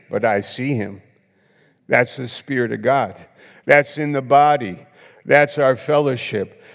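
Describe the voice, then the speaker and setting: A male pastor delivering a sermon from the pulpit in a church sanctuary, his mid-pitched voice carrying a gravelly edge. He punches key phrases with sudden emphasis, then drops into soft, confiding asides. A long hall reverb trails each line.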